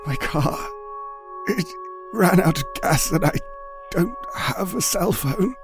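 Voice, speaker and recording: A man's voice: high-pitched, lively intonation, music in the background, heavily acted. A man playing a frail, sly old man. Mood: pleading. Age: older. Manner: slow, feebly pleading.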